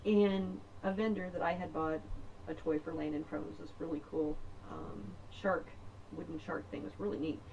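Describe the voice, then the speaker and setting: A middle-aged woman telling a personal story in a rambling, chatty way, laughing often and filling pauses. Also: low-pitched, darkish tone, highs cut off, a little hiss or hum. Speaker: podcast host.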